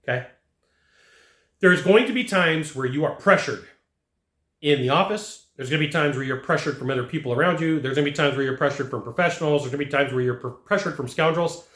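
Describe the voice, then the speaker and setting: A man's voice: a little high, fast, a bit bright. A man teaching a sales lesson straight to camera, emphatic and repeating phrases to hammer points home. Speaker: sales trainer. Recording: echoey room.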